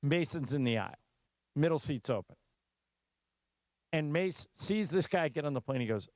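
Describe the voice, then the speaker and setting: A man's voice: a little high, lively intonation, moderate pace, pauses often, no room sound. A man co-hosting a sports radio talk show, chatting casually in the studio and telling stories while acting out the voices of the people in them. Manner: storyteller who acts out quoted voices.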